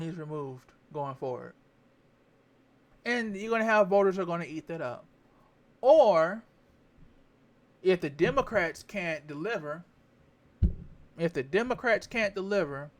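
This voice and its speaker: Man, fairly high voice, casual rambling political vlog take that circles back on itself. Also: a bit bright. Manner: rambling, repeats phrases, stops to check facts. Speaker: vlogger. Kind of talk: candid political commentary.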